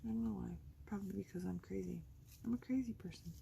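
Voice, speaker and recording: A woman's voice: medium pitch, quick pace, creaky, mellow, a little hiss or hum. A woman hosting a craft video, chatting casually and thinking aloud as she works at her table. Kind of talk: casual chat while crafting.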